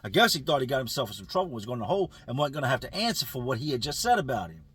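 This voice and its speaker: A man telling a prison story in casual street slang, lively and full of acted quotes. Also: medium pitch, very fast, husky, no room sound. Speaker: storyteller recounting prison life.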